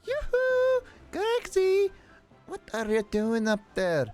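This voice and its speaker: Man in falsetto as a whiny posh lady, very high, sing-song, game reading. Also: wildly swooping pitch, takes it slowly, darkish tone, faint music behind, full character voice. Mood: haughty. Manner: haughty, whiny. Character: fussy upper-class lady, complaining.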